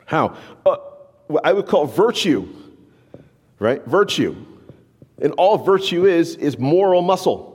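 A male pastor delivers a sermon in a lively, conversational way, tagging his points with rhetorical questions. His voice sits a little high and swings widely in pitch. The sound carries the long reverb of a large hall. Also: slow, long pauses, breathy edge. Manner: animated, conversational, rhetorical "right?" tags.

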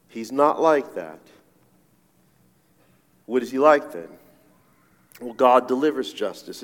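Man preaching animatedly in a reverberant hall. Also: on the low side. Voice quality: animated, conversational preaching with many asides and repeated "right?". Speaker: pastor. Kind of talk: sermon. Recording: long reverb of a large hall.

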